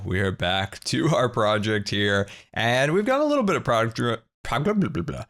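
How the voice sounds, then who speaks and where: A man in his thirties hosting a video game let's play, talking through his building and his pranks in a playful, animated way. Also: medium pitch, normal speed, few pauses. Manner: animated, playful, narrates his own moves. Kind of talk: gameplay commentary.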